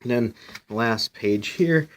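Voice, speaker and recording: A man's voice: medium pitch, unhurried. A man casually reviewing a comic book, rambling a little and asking viewers questions. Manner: chatty, rambling, frequent "you know"; asks viewers questions directly.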